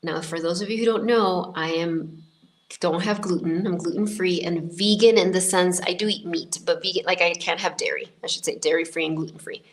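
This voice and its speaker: A woman in her fifties talks through a personal story in a relaxed, meandering way, her voice sitting on the low side for a woman. She keeps circling back with fillers and restarts, in the easy tone of a podcast host speaking to her regular listeners. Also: fairly quick. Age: 50s. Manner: chatty and rambling, many filler likes and restarts.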